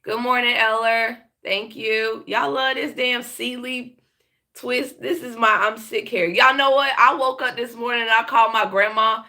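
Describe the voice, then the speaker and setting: Blunt, bright-voiced woman livestream host. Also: on the high side, fairly even intonation, measured pace. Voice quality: slight lisp from braces. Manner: blunt, swearing, greets chat viewers by name. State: sick. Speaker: live show host. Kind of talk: casual live-stream chat.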